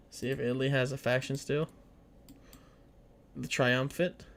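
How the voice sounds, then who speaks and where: A man's voice: mid-range voice, measured pace, pauses often. Casual man streaming a strategy game. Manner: reads on-screen game text aloud, stumbling over words; casual, joking asides between reading. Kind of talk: strategy game livestream commentary.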